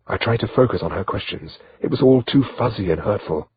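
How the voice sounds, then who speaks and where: A man narrating an audiobook in first person with a measured, steady delivery, in a slightly dull lo-fi recording. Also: lowish voice, slight background noise.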